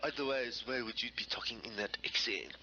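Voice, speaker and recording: A man's voice: mid-range voice, a little fast, sharp tone, a little hiss or hum. A man playing an indignant, insulting character in a comedy sketch, in a dull lo-fi old clip.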